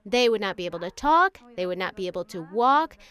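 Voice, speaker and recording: A woman's voice: medium pitch, expressive, fairly quick, fairly bright tone, clear, resonant tone. A woman giving a personal religious testimony in an earnest, emotional way, addressing her listeners as brothers and sisters.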